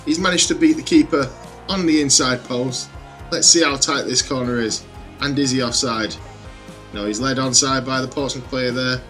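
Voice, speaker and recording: A man narrates his football video game series as lively play-by-play, bursting into excited shouts at the goals. His voice sits in the middle range. Soft background music plays under him. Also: medium pitch, normal speed. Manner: energetic, exclamatory play-by-play. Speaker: gaming YouTuber.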